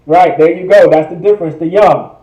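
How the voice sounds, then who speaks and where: A man's voice: a little high, a little fast, mellow, roomy sound, lo-fi sound. A man teaching a livestreamed language class, repeating phrases and checking in with viewers. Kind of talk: online language lesson.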